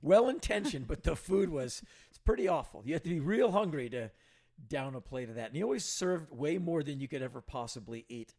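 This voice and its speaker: A man's voice: a little high, a little fast. A middle-aged man, a podcast co-host, telling casual anecdotes and livening them up when he quotes people. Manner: anecdotal, animated when quoting others. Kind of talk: casual storytelling.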